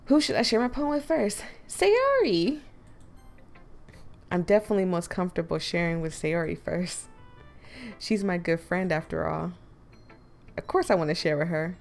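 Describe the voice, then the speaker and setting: A woman's voice: on the low side, expressive, normal speed, vocal fry, pauses often, faint music behind. A woman narrating a visual novel playthrough with wry, teasing asides. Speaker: gaming YouTuber.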